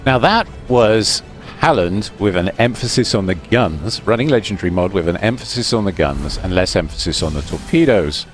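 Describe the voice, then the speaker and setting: A man with a low voice talks through his own match in a loose, rambling voice-over. He stumbles and restarts often. Faint music plays underneath. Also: moderate pace, hardly any pauses. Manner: rambling, relaxed, with fillers and restarts. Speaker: gaming commentator. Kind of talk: gameplay commentary.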